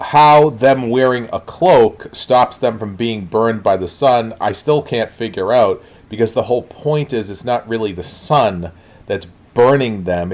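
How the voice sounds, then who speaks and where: Man, lowish voice, blunt, exasperated, lots of ums, spoken review. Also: darkish tone. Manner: frequent ums and uhs. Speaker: show reviewer.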